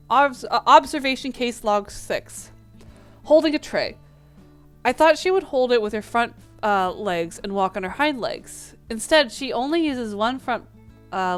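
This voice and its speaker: A woman's voice: a little high, clear, resonant tone. Woman reading a dating game aloud. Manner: reads lines with small slips and restarts.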